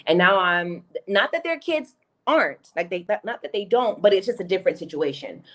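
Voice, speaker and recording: A woman's voice: medium pitch, lively intonation, normal speed, fairly bright tone. A woman speaking as a guest in a casual video-call conversation, earnest and full of stammering restarts. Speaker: guest, singer-songwriter and project creator.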